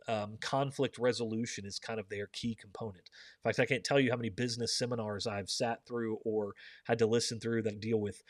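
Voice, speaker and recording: A man's voice: fairly low pitch, dry recording. A man leading a live book discussion, reading scripture aloud and putting questions to his listeners in an earnest way.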